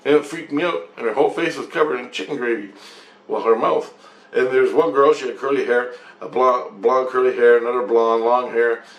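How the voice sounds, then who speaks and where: A man in his apartment telling a dream story in a rambling, profane, animated way. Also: mid-range voice, fairly quick, echoey room. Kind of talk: casual storytelling. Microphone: camera mic.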